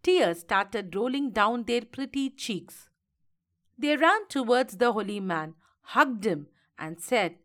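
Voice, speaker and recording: Female storybook narrator, unhurried, animated delivery. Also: a little high. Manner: slow, expressive reading. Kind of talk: storybook reading.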